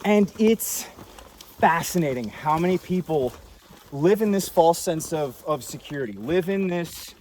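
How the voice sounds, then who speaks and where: A young man with a fairly high voice rants while hiking, a little breathless and full of ums and uhs. He is outdoors on a trail, talking into a handheld camera, with faint ambient noise around him. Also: animated, measured pace, a little mellow. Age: young adult. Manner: opinionated, rambling, lots of fillers. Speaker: vlogger hiking. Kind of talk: casual ranting monologue.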